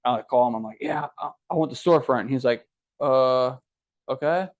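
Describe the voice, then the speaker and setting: A man's voice: medium pitch, fairly quick. A young adult man from Ohio, a podcast guest, tells his story casually and acts out what others said. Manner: animated, acts out quoted dialogue. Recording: dull lo-fi podcast audio.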